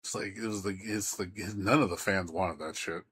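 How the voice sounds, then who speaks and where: A man's voice: deep voice, moderate pace, a bit bright, husky. A man streaming games, ranting in a heated, profane way with lots of stammering restarts. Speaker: game streamer. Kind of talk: live-stream rant.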